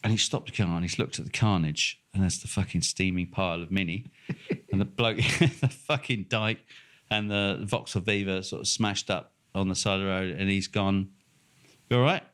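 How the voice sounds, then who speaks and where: A man's voice: deep voice, steady tone, moderate pace, a bit bright. An older man with a Norfolk accent, co-hosting a casual chat and telling a long anecdote, swearing freely and laughing as he acts out the voices of people in the story. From England. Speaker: podcast co-host.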